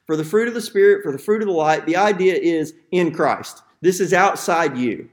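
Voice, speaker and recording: A man's voice: on the high side, moderate pace. A man preaching a sermon, earnest and emphatic, with frequent fillers and restarts. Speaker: pastor.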